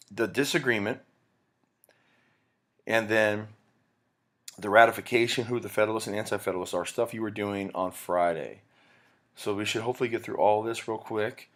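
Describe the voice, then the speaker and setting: A man's voice: lowish voice, a bit bright. A male teacher giving a casual, rambling recorded lecture, often breaking off mid-sentence. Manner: casual, rambling, self-interrupting.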